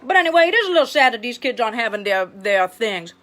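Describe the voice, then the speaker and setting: Woman as brassy former schoolteacher, improv monologue, sassy and blunt, high and sharp-toned. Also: big pitch swings, fast talker. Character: brassy blunt middle-aged female ex-schoolteacher. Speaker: comedic livestream host character.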